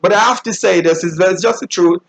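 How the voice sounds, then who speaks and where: A man hosting a solo talk show, giving an animated, preachy monologue and mimicking people in high squeals. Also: a little fast, creaky, slight background noise, poor audio. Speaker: show host.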